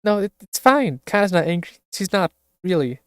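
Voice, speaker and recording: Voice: mid-range voice, big pitch swings, normal speed, clean tone, no echo, studio quality, pitched above the performer's own voice, lightly acted. A streamer voicing a cheerful, timid girl who talks about herself in the third person. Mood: pleading.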